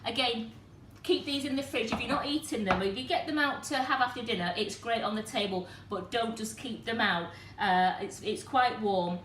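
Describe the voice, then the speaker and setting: A woman's voice: on the high side, normal speed, few pauses. Chatty woman teaching a cooking demo. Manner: chatty, explains step by step to viewers. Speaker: cooking demonstrator and host. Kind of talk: live cooking demonstration. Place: kitchen. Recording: echoey kitchen with faint noise.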